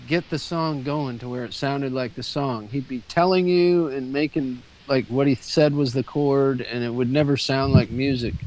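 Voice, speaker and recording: A man's voice: medium pitch, steady tone, moderate pace, few pauses, a little mellow, low-quality recording. Casually swearing man telling stories. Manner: loose storytelling, swears casually, trails off. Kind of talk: casual chat.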